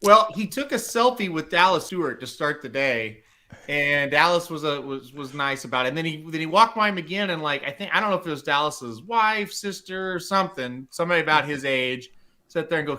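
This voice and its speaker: A man co-hosting a casual podcast, telling animated stories and laughing often. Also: a little high, fairly quick. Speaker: podcast co-host, site owner.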